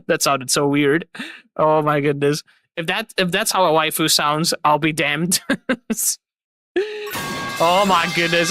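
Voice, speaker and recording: A woman's voice: lowish voice, animated, a little slow, pushed and bright, dry recording. A woman streamer signing off her stream in a casual, effusive, rambling way, repeating her thanks. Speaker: streamer and host.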